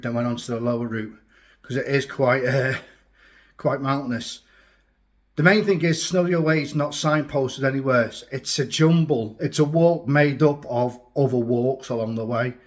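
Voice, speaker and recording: Worn out from walking, this man chats to the action camera in his hand as he follows an outdoor trail. He's a hiking vlogger with a medium-pitched voice, no echo, and a chatty, rambling, blunt way of talking.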